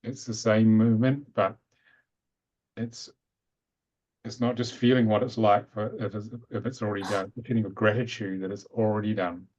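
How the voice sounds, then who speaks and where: Low-voiced man leading a breathing meditation. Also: moderate pace, long pauses. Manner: calm, instructive, with restarts. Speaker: meditation teacher. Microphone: video call. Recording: dull lo-fi webinar audio.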